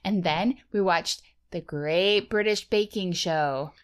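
A woman co-hosting a podcast in casual chat, playful and quick to laugh. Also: fairly low pitch, clear, resonant tone. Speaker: podcast co-host.

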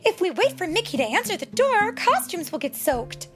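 A woman voicing an excitable female cartoon duck in a storybook reading, high and jittery. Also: fairly quick, soft background music, heavily acted. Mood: anxious.

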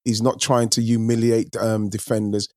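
A man's voice: lowish voice, flat delivery, normal speed, mellow, dry recording, studio quality. A man co-hosting a football chat, talking animatedly and repeating himself as he builds a point. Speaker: football podcast co-host. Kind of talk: casual chat.

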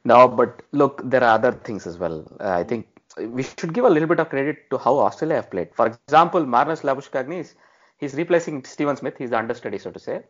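A man hosting a podcast, casually and analytically discussing cricket and often checking in with "right?". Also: mid-range voice. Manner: measured, analytical, frequent "right?" tags. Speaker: podcast host. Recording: dull lo-fi audio.

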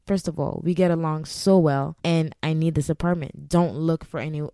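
A young woman from Massachusetts telling a personal story to her viewers in a chatty, animated way, laughing often. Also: deep voice, normal speed, no echo, studio quality. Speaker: YouTuber. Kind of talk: casual storytelling to camera.

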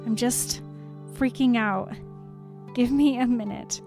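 Woman reading a scared teen girl, breathless, a bit anxious, pitched a little high. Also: takes it slowly, warm tone, faint music behind. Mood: shaken. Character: frightened shaken teenage girl.

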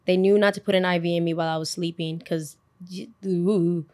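A young adult woman hosting a podcast, telling a personal story in a casual, animated way with frequent swearing. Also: lowish voice, a little fast. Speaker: podcast host.

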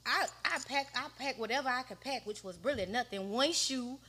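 Husky-voiced woman telling a story. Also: a little high, fairly quick, pushed and bright. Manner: slangy, conversational, often quoting others. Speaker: podcast guest. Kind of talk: candid personal storytelling.

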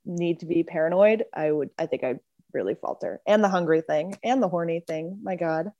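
A woman's voice: sits low, animated, a little fast, a little mellow, highs cut off. A woman chatting on a podcast in a laid-back, self-deprecating way. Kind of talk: casual podcast chat.

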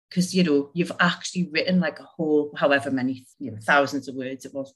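A woman's voice: low-pitched, fairly quick, breathy edge. A woman, an author talking casually as a podcast guest and laughing often. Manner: chatty, warm, laughs often. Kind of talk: casual interview conversation.

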